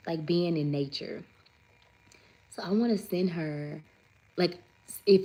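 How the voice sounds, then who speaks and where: A woman's voice: fairly low pitch, dark tone, poor audio. A woman, hosting a casual livestream chat, rambling and saying "like" often. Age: 30s. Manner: chatty, rambling, says "like" often; reads viewer comments aloud. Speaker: livestream host.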